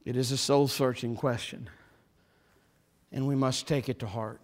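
A man preaching a sermon as pastor, impassioned, repeating phrases and building to forceful emphasis. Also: mid-range voice, fairly even intonation, unhurried.

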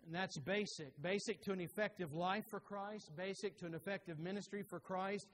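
High-voiced preacher in a ringing hall. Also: male voice, moderate pace, slight background noise. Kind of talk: sermon. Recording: long reverb of a large hall.

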